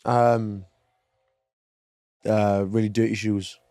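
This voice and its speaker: A man's voice: fairly low pitch, level tone, slow, mellow, no room sound, clean studio sound. A young man co-hosting a podcast in casual chat, rambling and restarting his sentences. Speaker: podcast co-host.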